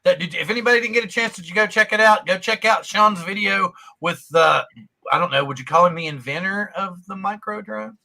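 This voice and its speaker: A man hosts a loose panel chat over a video call, rambling from one thought to the next and laughing often. His voice sits high and sounds bright. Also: fairly quick, vocal fry. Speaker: host.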